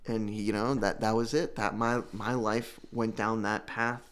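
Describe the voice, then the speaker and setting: Young man, low voice, earnest halting testimony, repeats himself, emotional. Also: level tone, a bit bright, clear, resonant tone. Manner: earnest, halting, repeats words, fights tears. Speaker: guest telling his recovery story.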